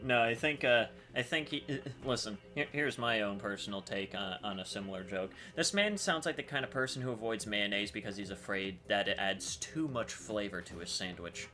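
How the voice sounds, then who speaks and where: A man's voice: fairly low pitch, a little fast, hardly any pauses, bright, forceful tone, soft background music. A man co-hosting a stream, joking crudely and sarcastically in casual chat. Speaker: stream co-host.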